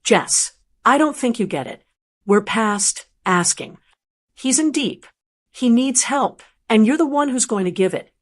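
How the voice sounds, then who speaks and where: A woman's voice: a little high, animated, a little slow. A woman voicing a scheming middle-aged man who bullies his sister, mocking and pushy.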